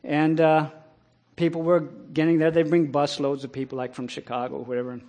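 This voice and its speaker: A middle-aged man preaching a sermon, telling a personal story in a plain way and breaking into loud, impassioned scripture quotes. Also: on the high side, little pitch movement, normal speed. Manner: rises to loud impassioned preaching, then drops to quiet storytelling.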